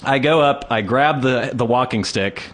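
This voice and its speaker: A man co-hosting a casual podcast, telling a story with lively, acted-out quotes. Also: mid-range voice, moderate pace. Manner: animated storyteller acting out quoted voices. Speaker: podcast co-host. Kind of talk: casual chat, comic storytelling. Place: Pacific Northwest town.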